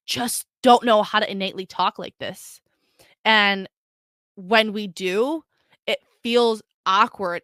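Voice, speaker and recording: A young woman hosts a solo podcast in a loose, chatty way, often restarting her sentences and calling her listeners "guys." Her voice is smooth and clean, recorded close and dry with no room sound. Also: medium pitch, pushed and bright, dry recording. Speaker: podcast host. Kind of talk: casual solo podcast talk.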